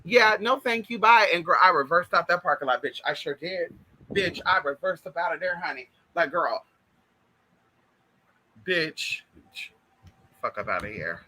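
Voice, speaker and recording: A man's voice: fairly high pitch, animated, a little slow, pauses often, pushed and bright, slight background noise, poor audio. A man chatting casually to camera in a sassy way, swearing a lot and calling everyone girl and honey. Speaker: vlogger.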